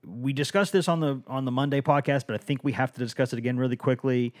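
A man's voice: medium pitch, quick pace, darkish tone. A man co-hosting a sports podcast, joking and teasing at length before getting to the analysis. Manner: joking, teasing, long-winded. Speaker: podcast co-host. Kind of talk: casual sports podcast chat.

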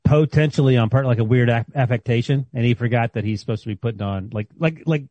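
A man co-hosting a podcast, chatting about sports with relaxed, wry asides. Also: mid-range voice, quick pace, no echo, muffled recording. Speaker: podcast co-host. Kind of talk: casual sports chat.

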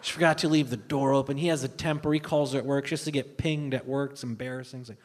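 A man doing a stand-up comedy routine, telling a family story with lively acted-out voices. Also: quick pace, in a large hall, a little hiss or hum. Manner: animated storytelling, acts out family members in high voices.

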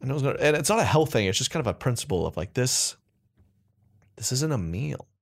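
A man's voice: mid-range voice, big pitch swings, fast, vocal fry. A young man co-hosting a podcast, chatting casually in a rambling, jokey way. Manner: rambling, jokey, slips into silly put-on accents. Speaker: podcast co-host. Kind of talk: casual comedic chat.

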